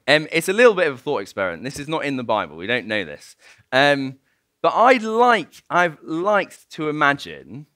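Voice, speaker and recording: A man preaching a sermon, spinning a story with lively, swooping intonation and a bright, forceful tone. He sits a little high for a man, and the sound is dry and close. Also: no room sound. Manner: storytelling, animated, laughs often. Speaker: guest preacher.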